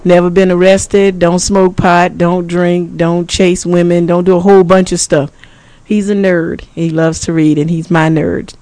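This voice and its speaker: A woman in her fifties, a pastor and preschool teacher, telling a story in an animated, chatty way, often repeating herself and laughing. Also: fairly low pitch, a little slow, dry recording. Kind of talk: casual storytelling to camera.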